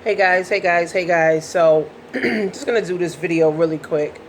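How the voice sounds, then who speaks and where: A woman's voice: on the low side, moderate pace. Woman life coach, casual phone-camera vlog, blunt and profane, faint background noise. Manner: blunt and profane, talks straight to viewers.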